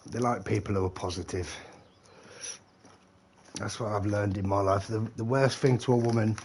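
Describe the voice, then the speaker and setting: A man's voice: fairly low pitch, steady tone, normal speed, darkish tone, slight background noise. Forties man, gamer, chatty and swearing, frequent laughter. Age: 40s. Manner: rambling, laughs often, swears. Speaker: game streamer. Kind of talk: casual chat.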